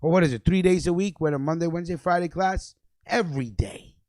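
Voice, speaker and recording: A man's voice: a little high, brisk, darkish tone, dry recording. Fiery profane man ranting on radio. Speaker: radio show host. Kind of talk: freestyle monologue rant.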